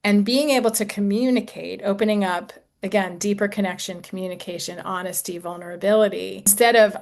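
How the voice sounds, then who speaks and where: A woman in her sixties, an intimacy coach talking gently and reflectively to a group, with casual fillers. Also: mid-range voice, steady tone, fairly quick, gravelly, hardly any pauses. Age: 60s. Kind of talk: talk to a group.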